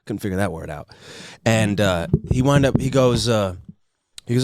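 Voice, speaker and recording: A man's voice: on the low side, expressive, background noise. A man in a casual podcast chat, telling a crude story and acting out the other people's lines. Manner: acts out dialogue in quick voices. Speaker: podcast host.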